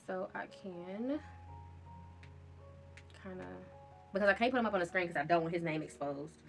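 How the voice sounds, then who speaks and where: A woman's voice: on the low side, lively intonation, normal speed, soft background music. A woman in a candid confessional vlog, talking in a raw, rambling and profane way, with sighs. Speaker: vlogger telling her own story.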